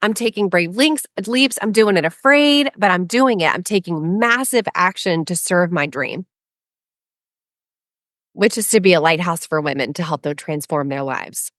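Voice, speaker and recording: A woman coach tells her story as an interview guest, with a low-set voice that rises and swoops expressively. She sounds emotional and animated. The recording is close and dry. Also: normal speed, no room sound. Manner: animated, emotional, laughs often.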